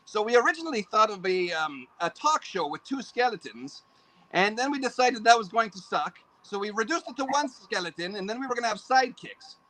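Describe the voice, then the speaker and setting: A man's voice: sits high, animated, a little fast, sharp tone, rough recording. An older man, a show host, chatting as a podcast guest in a rambling, self-deprecating way. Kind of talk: casual podcast chat.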